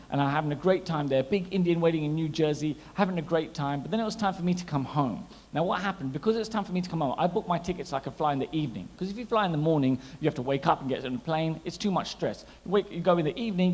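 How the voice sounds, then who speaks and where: A man in his thirties doing a stand-up comedy set, chatty and animated, teasing the crowd. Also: fairly high pitch. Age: 30s. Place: large hall at a gala dinner. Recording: long hall reverb.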